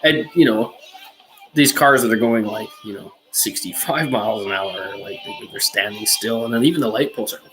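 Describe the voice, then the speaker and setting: A woman's voice: a bass voice, normal speed, over music, poor audio. A woman hosting a podcast, ranting heatedly with lots of swearing and filler words. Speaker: podcast host. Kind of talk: profane rant on a podcast.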